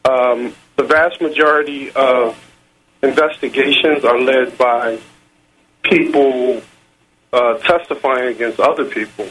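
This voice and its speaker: Husky-voiced male radio caller. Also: medium pitch, a bit bright, low-quality recording. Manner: hesitant, polite, halting. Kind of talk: phone-in call.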